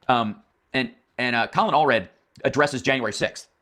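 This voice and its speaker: Bright-voiced man ranting profanely. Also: mid-range voice, moderate pace. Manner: profane, mocking, exasperated; rambling with many restarts. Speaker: political commentary streamer. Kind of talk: ranting political commentary.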